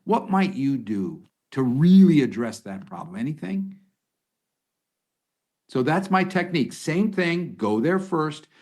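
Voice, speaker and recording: A man's voice: fairly high pitch, measured pace, hardly any pauses. A middle-aged man talking as an expert guest, giving conversational advice and acting out example lines as he goes. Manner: animated, restarts sentences, acts out example lines. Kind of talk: conversational advice in a podcast interview.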